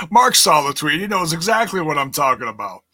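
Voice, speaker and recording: A man's voice: big pitch swings, measured pace, bright, forceful tone, husky, dry recording. A man hosting a podcast, ranting casually and swearing freely, on a close mic. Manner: ranting, swears freely, mocks others in a high voice. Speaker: podcast host. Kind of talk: casual solo podcast rant.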